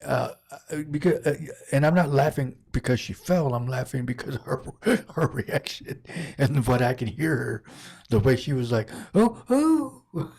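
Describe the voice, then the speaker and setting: A man's voice: medium pitch, normal speed, creaky, a little mellow. A man hosting a podcast, telling a story in casual chat, rambling, breaking off mid-sentence and laughing often. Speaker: podcast host.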